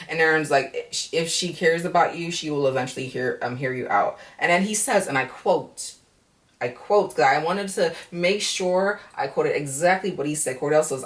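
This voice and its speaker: A woman with a low voice runs through a reality show episode in a casual, candid recap. She is blunt and swears freely, and she acts out what the cast said. Her voice sounds a little distant from the mic. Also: lively intonation, normal speed, a bit bright. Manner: blunt, profane, chatty, acts out quotes.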